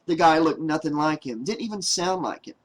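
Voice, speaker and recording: A man with a slightly higher-than-usual voice reads a novel aloud at an even, measured pace. His delivery is steady, as an audiobook narrator working through long passages of prose. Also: poor audio.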